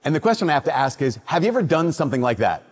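Man, priest, from Minnesota, husky voice, Mass homily, conversational storytelling, long church reverb. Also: on the high side, racing. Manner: storytelling, conversational with lively asides. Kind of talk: Sunday Mass gospel reading and homily.

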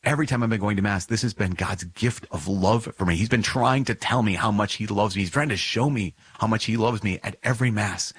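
A man's voice: lowish voice, fairly quick, hardly any pauses, a bit bright, breathy edge. A man hosting a podcast, reading and reflecting on a religious text. He speaks earnestly and emphatically, often repeats phrases, and chuckles now and then. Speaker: podcast host.

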